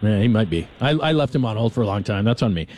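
A middle-aged man hosting late-night sports talk radio, lively and chatty as he moves from topic to topic. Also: lowish voice. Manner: lively, chatty, fast-moving delivery. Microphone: studio microphone.

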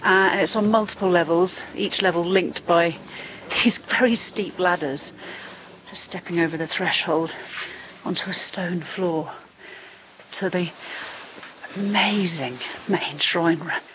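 A woman's voice: on the low side, unhurried, highs cut off, a little hiss or hum. A woman reporter narrating a documentary on location, descriptive and awed, slightly out of breath. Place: outdoors in a mountain village.

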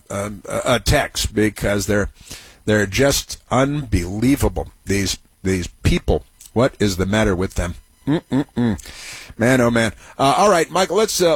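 A man hosting a talk radio show, delivering a mocking, sarcastic monologue full of halting fillers. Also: medium pitch, slightly rough, no room sound.

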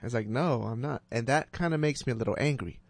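A man's voice: medium pitch, quick pace, no echo. Wry male radio co-host. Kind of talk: call-in radio talk.

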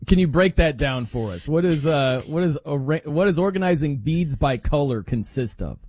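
A man's voice: a little high, expressive, normal speed, darkish tone, breathy edge, no echo. A man hosting late-night sports radio, chatting and teasing his co-hosts in an upbeat way. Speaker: radio host.

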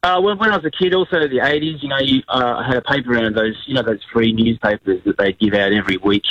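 Man, forties, radio caller, quick and hesitant, dry sound. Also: medium pitch, fairly bright tone, dry recording, lo-fi sound. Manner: hesitant, many fillers. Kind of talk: casual phone chat.

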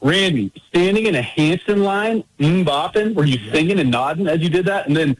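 A man's voice: on the high side, lively intonation, moderate pace, rough recording. A man calling into a sports radio show by phone, joking and playful. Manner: joking, playful, bursts into scat singing. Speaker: radio caller. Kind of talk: casual call-in chat.

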